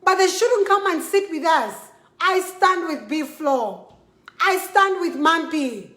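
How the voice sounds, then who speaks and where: An angry Zambian woman speaks to her followers in a high voice, slowly and emphatically, repeating herself and slipping into a local language. The sound is roomy and echoey. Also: expressive, bright, forceful tone. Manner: emphatic, repetitive, switching between English and a local language. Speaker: model addressing followers. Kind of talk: impassioned vlog to camera.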